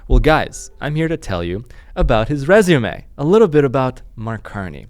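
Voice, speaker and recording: A man's voice: mid-range voice, very animated, normal speed, a little mellow, no echo. Blunt, swearing Canadian podcast man. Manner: blunt, heavy swearing, joking. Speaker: podcast host. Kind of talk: casual political podcast chat.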